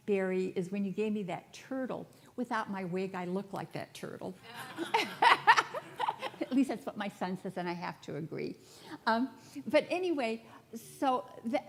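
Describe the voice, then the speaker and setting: Woman, spiritual director, sermon, candid, chatty, humorous, mid pitch, church congregation. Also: darkish tone. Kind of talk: personal sermon talk. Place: church sanctuary before a congregation.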